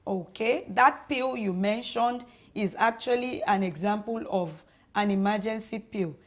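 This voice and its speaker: A woman doctor with a Nigerian accent gives patient, measured advice on a radio call-in show. Her voice sits at a middle pitch and her tone stays even and reassuring. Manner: calm, measured, advising. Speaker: doctor, guest expert.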